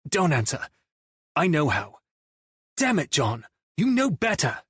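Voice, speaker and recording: A man voicing a prim, calm male band manager with a crisp, clipped British accent in an audiobook. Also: a little high, measured pace, dry recording, clean studio sound, voice pushed up, exaggerated voice. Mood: exasperated. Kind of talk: audiobook character voice.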